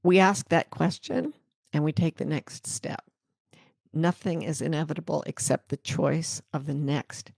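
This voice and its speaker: A middle-aged American woman hosting a live talk, reading viewer questions and a poem in a gentle, reflective way. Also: deep voice, creaky, no room sound, studio quality. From United States. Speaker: host answering viewer comments.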